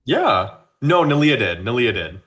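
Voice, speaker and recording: A man co-hosting a podcast in casual chat, expressive and playful in his delivery. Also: measured pace. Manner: expressive, jumps high in pitch when surprised or teasing. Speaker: podcast co-host.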